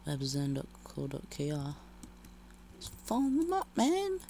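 A man narrating his own gameplay in a loose, unhurried way, his voice swooping widely in pitch. He breaks into excited shouts, then drops to mutters and whispers, with a gravelly edge and a faint hiss behind him. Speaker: gamer commentator. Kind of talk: casual gameplay commentary.

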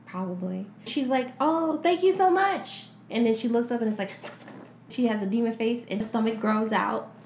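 A woman's voice: a little high, steady tone, moderate pace, music in the background. A woman hosting a podcast, giving a casual movie recap and acting out the characters' lines as she retells the plot. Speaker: podcast host. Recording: echoey room, faint background hiss.

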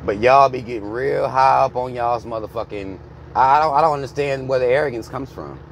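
A man's voice: mid-range voice, a little fast, creaky, slight background noise. Blunt swearing American man ranting. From United States. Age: 30s. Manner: heated, blunt, swearing freely. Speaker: vlogger. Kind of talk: profane ranting commentary. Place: inside a car.

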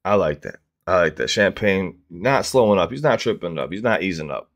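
Male reaction host, lowish voice, casual and profane, quick to get worked up. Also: background noise. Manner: excitable, profane, breaks off to explain.

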